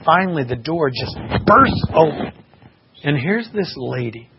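A man's voice: a little high, sing-song, unhurried, vocal fry. A man preaching a sermon and telling a personal testimony in an earnest, impassioned way. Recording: muffled recording with faint background noise.

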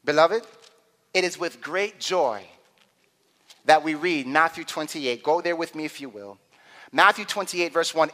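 A man preaching a sermon with dramatic swings from quiet murmurs to loud climaxes. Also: a little high, measured pace, pauses often. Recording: long hall reverb.

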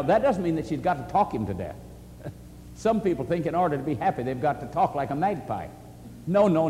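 A man preaching and answering questions, earnest and animated, often quoting scripture. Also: sits high, big-room sound, slight background noise. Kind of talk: sermon-style question and answer.

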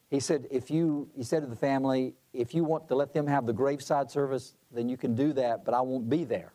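A man's voice: mid-range voice, moderate pace, warm tone. A middle-aged man talking about leadership in a conversational way, telling a story with asides and restarts. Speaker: conference president speaking on leadership.

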